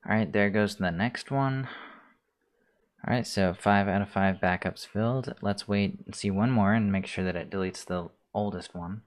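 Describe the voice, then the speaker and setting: Low-voiced man narrating a coding screencast. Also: normal speed. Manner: relaxed, thinks aloud with many ums. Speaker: tutorial host. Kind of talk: casual screencast coding tutorial.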